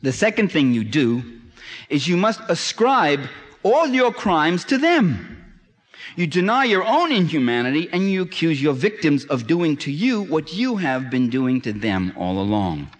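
A man's voice: on the high side, big pitch swings, unhurried. A man giving a public lecture, emphatic and sardonic, building to impassioned climaxes. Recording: long hall reverb.

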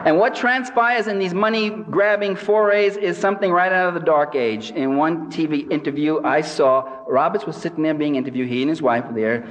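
Speaking to a live audience in a large hall, a man gives a sardonic, mocking satirical lecture, mimicking people he quotes with exaggerated voices. His voice is a little high. The recording is distant and reverberant, with slight background noise.

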